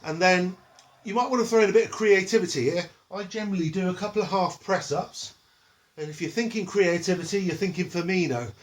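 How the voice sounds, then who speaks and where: A man's voice: high voice, brisk. A man leading a home stretching tutorial in a playful way, naming each exercise after a football player. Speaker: exercise instructor. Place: indoors at home. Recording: echoey room, mic at a distance.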